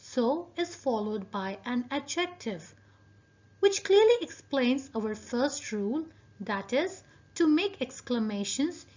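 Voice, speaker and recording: Woman, teacher, recorded lesson, slow and deliberate, muffled audio. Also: high voice, very animated, a little mellow. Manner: slow, deliberate, addresses students directly. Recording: dull lo-fi video audio.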